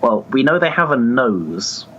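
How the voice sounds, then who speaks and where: A man's voice: medium pitch, very animated, unhurried, muffled recording, a little hiss or hum. A man co-hosting a podcast, chatting casually about comics with frequent laughter and hesitant fillers. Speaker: podcast co-host. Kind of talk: casual comic book discussion.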